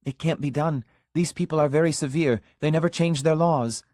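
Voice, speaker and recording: A man's voice: on the high side, normal speed, no room sound, clean studio sound, pitched above the performer's own voice, close to an everyday voice. Sly young servant, raised, matter-of-fact delivery , voiced by a male narrator. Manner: quiet, matter-of-fact, thinly amused.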